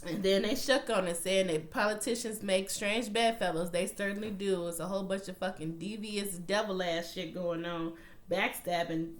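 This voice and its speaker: A young woman casually recapping a TV episode, blunt and profane, retelling scenes and quoting lines as she goes. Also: mid-range voice. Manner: profane, blunt, animated storytelling with acted-out quotes. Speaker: TV recap vlogger.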